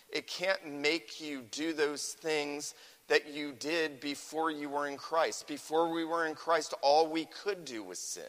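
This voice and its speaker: A man's voice: medium pitch, a bit bright, long reverb tail, low-quality recording. A man preaching a sermon as a pastor, earnest and emphatic, often repeating key phrases for stress.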